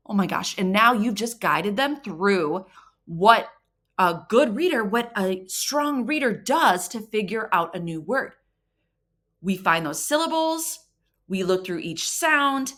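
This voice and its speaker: An upbeat woman coaching parents on how to support a child's reading. She encourages warmly and slows down to sound out syllables and individual sounds with care. Her voice sits at an ordinary middle pitch. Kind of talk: instructional talk to parents.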